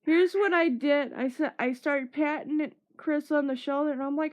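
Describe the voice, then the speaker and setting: A woman with a high voice spins a rambling, profanity-laced story in casual chat, laughing between lines. The sound is dull and lo-fi, like muffled stream audio. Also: fairly even intonation, moderate pace, hardly any pauses. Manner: rambling, swearing, laughing while telling a story.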